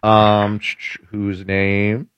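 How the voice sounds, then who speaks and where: A man's voice: on the low side, completely flat delivery, very slow, smooth, dry recording, dull audio. A man hosting opinionated political news commentary, sarcastic and full of hesitant fillers.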